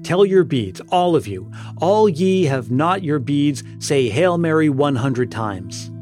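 A stern village priest, as a man puts him on, giving commands firmly. Clear music plays behind the storybook reading. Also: medium pitch, animated, normal speed, warm tone, lightly acted.

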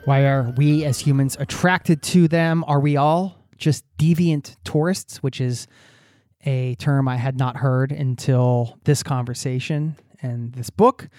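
A man's voice: mid-range voice, steady tone, measured pace, darkish tone, dry recording, clean studio sound. A man hosting a travel podcast, greeting listeners and chatting with his guest in a friendly, upbeat, casual way. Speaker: podcast host. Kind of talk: podcast intro and casual interview.

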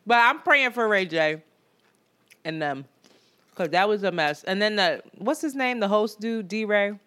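A woman co-hosting a podcast in casual chat, animated and laughing, jumping from loud outbursts to low mutters. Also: a little slow. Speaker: podcast co-host.

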